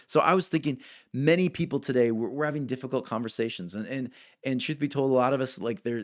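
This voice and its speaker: A man preaching a sermon as a pastor, talking in a conversational way and often checking in with "right?" between points. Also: mid-range voice.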